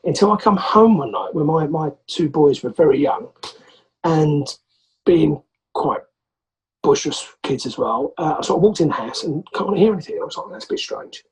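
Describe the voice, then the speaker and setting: A former rugby player from England, appearing as a podcast guest, tells an anecdote and animatedly performs the voices of the people in it. His voice is a little high and slightly rough, he speaks at a normal speed, and the recording is rough.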